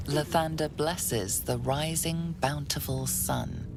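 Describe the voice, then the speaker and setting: A very deep, slow fantasy narrator. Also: female voice, creaky, exaggerated voice. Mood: hushed, solemn. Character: calm woman narrator of a fantasy game. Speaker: game narrator. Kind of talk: scripted game narration. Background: game music.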